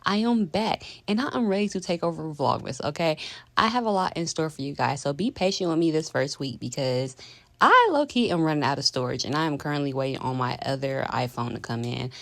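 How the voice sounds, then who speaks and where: A woman's voice: sits low, expressive, a little fast, vocal fry, a bit bright. A woman, telling a dramatic storytime in slangy casual chat. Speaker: vlogger.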